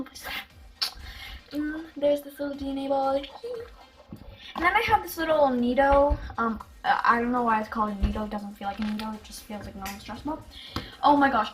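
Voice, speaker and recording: In a high voice, a female vlogger excitedly shows off her toy collection in a casual show-and-tell, giggling and gasping as she goes.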